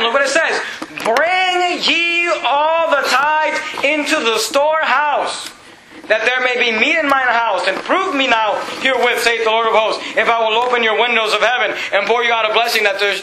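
A man's voice: very high-pitched, bright, forceful tone, echoey room, a little hiss or hum, rough recording. A man preaching a sermon as pastor, quoting scripture and stressing his words. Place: church.

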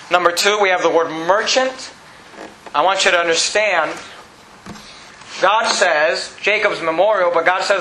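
A man preaching a sermon in a church, emphatic and climbing to high excited peaks as he presses his points. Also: roomy sound, a little hiss or hum, low-quality recording.

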